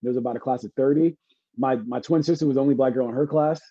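A man from Brooklyn, a guest entertainer chatting on a podcast, telling animated stories with jokes and laughs. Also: mid-range voice, fast talker, dry recording. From Brooklyn, New York. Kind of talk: casual podcast chat. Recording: dry, slightly dull lo-fi sound.

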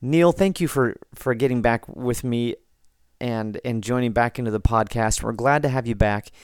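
An American man hosting a podcast, reading listener comments and chatting in a relaxed, rambling way with frequent restarts. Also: medium pitch, normal speed, clear, resonant tone, no echo, clean studio sound. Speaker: podcast host.

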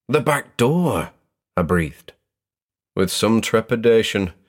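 A young man narrating a horror story in a measured, suspenseful first-person telling. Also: low-pitched. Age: young adult.

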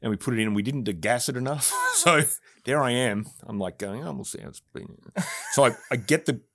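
A man's voice: medium pitch, brisk, fairly bright tone, no room sound, studio quality. A man guest on a podcast, a distillery owner telling rambling, profane stories in casual chat.

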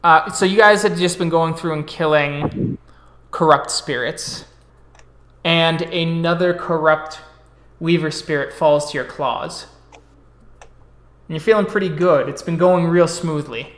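A man narrating a tabletop horror game as the game master, in a relaxed, descriptive way. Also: on the high side, unhurried, long pauses, echoey room.

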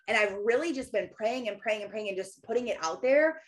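A woman's voice: fairly high pitch, moderate pace, hardly any pauses, fairly bright tone. Chatty earnest woman in her thirties. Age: 30s. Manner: chatty, earnest, laughs often, acts out quotes. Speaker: Christian podcaster and author. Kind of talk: casual faith talk.

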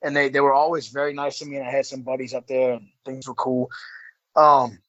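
A man's voice: mid-range voice, level tone, a little fast, fairly bright tone. A man in his forties, a former pro wrestler, casually telling a story as a guest, swearing and saying "bro" a lot. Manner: profane, rambling, says "bro" a lot. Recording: dull lo-fi audio.

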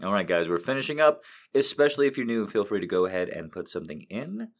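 Deep-voiced man, profane casual banter. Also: very animated, quick pace. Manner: profane, rambling, self-mocking with sudden mock outbursts. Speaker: streamer host. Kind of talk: casual chat.

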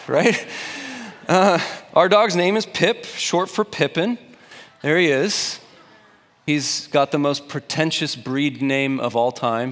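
A man's voice: a little high, a bit bright, long reverb tail. A young adult man preaching a conversational, emphatic sermon to a congregation, asking them questions. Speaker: pastor. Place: church sanctuary before a congregation.

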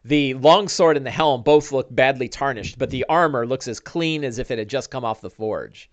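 A man narrating a tabletop game as game master, animated, with frequent fillers and restarts. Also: medium pitch, moderate pace, dry recording.

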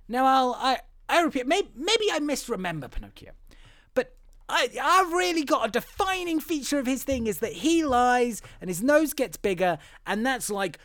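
A man co-hosting a casual film podcast, talking in an animated way with loud emphatic outbursts and some swearing. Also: extremely high pitch, no room sound, clean studio sound. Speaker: podcast co-host. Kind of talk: casual film review chat.

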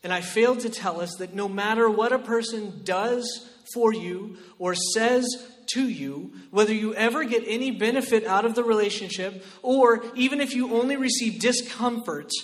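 A man preaching a sermon as pastor, shifting between loud, emphatic exhortation and quiet personal storytelling. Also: sits high, moderate pace, hardly any pauses.

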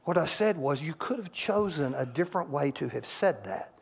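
A man preaches from the pulpit in a lively, fairly high voice. He acts out little exchanges between spouses, and his voice climbs and gets louder as the lines land. It is a casual, talking-to-the-room sermon to a packed church. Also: moderate pace, gravelly, husky. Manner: animated, acts out couples' quotes, rising loud on punchlines. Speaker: pastor. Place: church sanctuary.

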